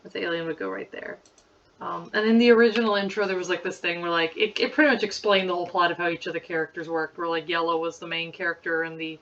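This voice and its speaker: A woman around thirty talks in a lowish voice, loose and chatty, with giggles and a steady stream of "like" fillers. This is casual screen-recording commentary captured on a computer mic. The sound is slightly muffled and lo-fi. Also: fast talker, distant mic. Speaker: creator revisiting her childhood slideshows.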